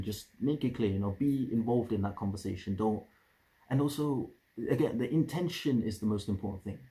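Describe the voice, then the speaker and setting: A man's voice: fairly low pitch, dark tone, low-quality recording. A young man giving casual dating advice in a rambling way, often restarting and repeating his phrases.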